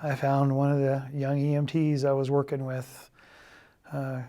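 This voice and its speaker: Earnest middle-aged man, halting testimony. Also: medium pitch, monotone. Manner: earnest, halting, often drops to a quiet, subdued tone. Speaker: church member giving a personal testimony. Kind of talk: confessional testimony.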